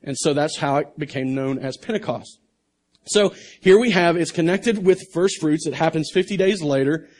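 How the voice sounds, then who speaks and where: A man's voice: a little high, moderate pace, a little mellow. A man preaching a sermon on a church stage. He reads scripture aloud and then explains it in a conversational way, with repeated words and restarts. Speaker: pastor. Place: church stage under bright lights.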